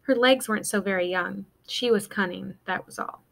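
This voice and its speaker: A woman's voice: moderate pace, creaky. A woman teacher reading a children's novel aloud, voicing the characters expressively. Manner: expressive, voices characters with pitch lifts. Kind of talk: storybook read-aloud.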